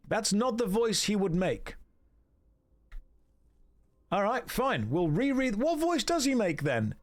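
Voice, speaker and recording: A man comments on his gameplay for a live stream audience and reads chat messages aloud. His voice sits a little high, and his tone stays sarcastic and playful, full of deadpan jokes. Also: slow pace, pauses often. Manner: sarcastic, joking, answers chat. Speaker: game streamer.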